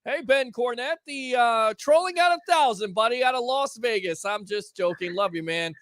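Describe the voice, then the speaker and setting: A man's voice: very high-pitched, moderate pace, fairly bright tone. A man hosting a call-in sports talk show, teasing callers and firing off rhetorical questions. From Tampa Bay area.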